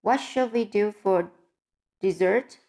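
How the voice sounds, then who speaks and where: Earnest young woman voiced by a female reader, gentle, slow-paced, storybook reading. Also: mid-range voice. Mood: regretful.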